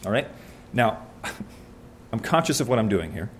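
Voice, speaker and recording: A man's voice: on the low side, very animated, unhurried, slight background noise. Earnest male preacher quizzing his congregation. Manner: asks the congregation questions, earnest and conversational. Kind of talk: sermon with scripture reading.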